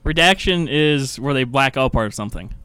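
A man's voice: medium pitch, lively intonation, pushed and bright, clear, resonant tone, dry recording. A man co-hosting a casual radio chat, explaining things and correcting himself. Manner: quick, explaining, self-correcting. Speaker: radio show co-host.

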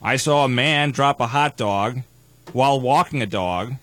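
A man's voice: mid-range voice, unhurried, fairly bright tone, no room sound. Wordy man hosting a radio show. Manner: wordy, playfully pompous announcing. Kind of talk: casual live radio banter. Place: radio studio.

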